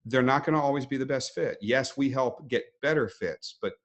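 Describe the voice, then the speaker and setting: A man's voice: medium pitch, normal speed. A man hosting a webinar interview, explaining in a conversational way with acted-out quotes.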